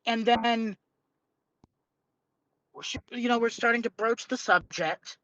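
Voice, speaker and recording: A man's voice: very high voice, steady tone, slow pace, fairly bright tone, dry recording, highs cut off. A young man, a guest comedian, telling self-mocking stories in a rambling, casual way. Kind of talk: casual chat.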